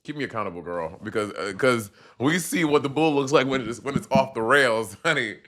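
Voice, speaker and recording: Man, Caribbean accent, sassy and chatty, middle pitch, very animated intonation, live stream host. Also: brisk. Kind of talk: casual live stream chat.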